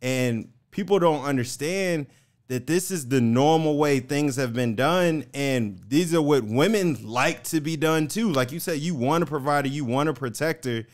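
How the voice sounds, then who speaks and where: A man on a podcast panel, speaking defensively and haltingly while asking to finish his point in a heated group debate. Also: on the high side.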